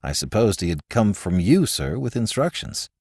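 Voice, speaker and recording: A man voicing a polite, deferential hotel floor waiter who answers quickly. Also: fairly low pitch, very animated, a little mellow, slightly rough, no room sound, clean studio sound, exaggerated voice.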